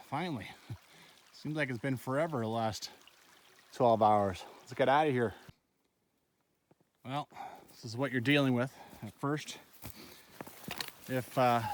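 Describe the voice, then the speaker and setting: A man's voice: medium pitch, a little slow, pauses often, slight background noise. A man vlogging on his own while he backpacks a wilderness trail. He talks into a handheld phone in a chatty, rambling way and often ends with "right?". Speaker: solo backpacker filming his trip. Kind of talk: casual vlog narration while hiking. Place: outdoors on a backcountry trail.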